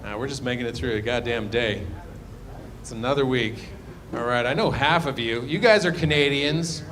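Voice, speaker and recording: A man's voice: mid-range voice, moderate pace, fairly bright tone. A man doing loose, rambling stand-up crowd work in a comedy club, trailing off into muttered asides.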